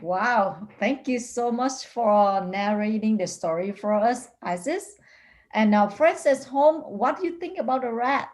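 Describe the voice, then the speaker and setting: A woman's voice: a little high, expressive, measured pace, a little mellow. A woman hosting a children's storytime show, asking the kids at home questions in a friendly way with small hesitations.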